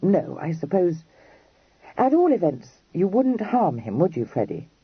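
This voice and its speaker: A man's voice: sits high, big pitch swings, a little slow, breathy edge, no room sound, voice pushed up, full character voice. A man voicing an earnest, impulsive young Regency lady who talks in a breathless, pleading way in an audiobook. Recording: dry, dull lo-fi recording.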